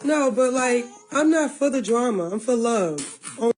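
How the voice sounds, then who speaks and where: A woman's voice: a little high, lively intonation, a little slow, a little mellow, poor audio. A woman talking on a livestream, close to tears, pleading and repeating herself. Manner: pleading, repetitive. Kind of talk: emotional livestream talk.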